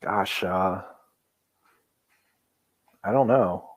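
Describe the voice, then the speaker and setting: A man's voice: low voice, drawn-out words, no room sound. A man from the Midwest co-hosting a wrestling podcast, easygoing and full of questions. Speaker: podcast co-host. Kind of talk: casual wrestling chat.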